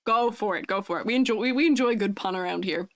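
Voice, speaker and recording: A woman's voice: medium pitch, fast, no room sound, clean studio sound. A woman chatting casually on a livestream, giggling often and reading chat messages aloud. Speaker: streamer.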